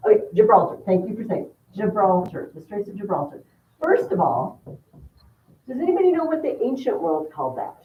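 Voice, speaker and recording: A woman teacher giving a history lesson to a class, animated and repeating key words for her students. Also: mid-range voice, fairly quick, slight background noise. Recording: echoey room, far mic, phone-like sound.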